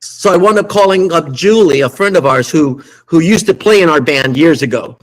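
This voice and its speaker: A man who is a guest musician, telling lively anecdotes in an interview and acting out the quotes. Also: on the high side, normal speed, low-quality recording. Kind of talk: storytelling interview.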